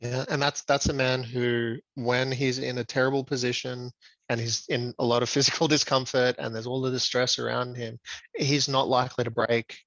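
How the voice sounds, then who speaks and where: Gravelly, flat-toned man talking reflectively. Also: medium pitch, dry recording, lo-fi sound. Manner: reflective, measured, with frequent ums. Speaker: guest. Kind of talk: conversational interview.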